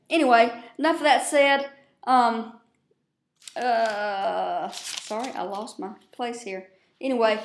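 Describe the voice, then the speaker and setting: A woman casually recapping a show on her vlog, chatty, profane and quick to laugh, recorded on a webcam at her desk. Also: on the high side, a little hiss or hum. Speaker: vlogger. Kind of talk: casual chat. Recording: roomy echo.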